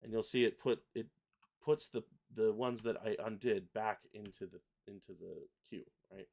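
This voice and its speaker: A man hosting a livestream software tutorial in a relaxed, chatty way, reading lyrics aloud as he types and clicks. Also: fairly low pitch, moderate pace, creaky. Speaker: host, software product designer. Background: keyboard typing and mouse clicks.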